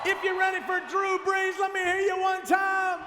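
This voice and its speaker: A man hyping up a crowd as event host, shouting over a live band in a hall. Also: very high voice, monotone, normal speed, noisy background. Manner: loud, shouting, pumping up the crowd. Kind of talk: hyped emcee crowd work. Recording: echoey hall, loud music behind.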